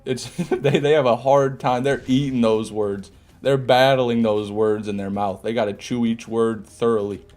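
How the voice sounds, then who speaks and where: A man's voice: mid-range voice, steady tone, measured pace, a little mellow, soft background music. An American man in live gameplay commentary, chatting with viewers in a joking, swearing way and often laughing. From United States. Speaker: gaming streamer.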